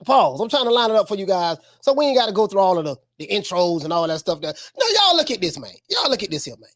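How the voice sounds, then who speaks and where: A woman hosting a live stream, reacting to a video with excited commentary. She laughs often and repeats her phrases. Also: medium pitch, fast.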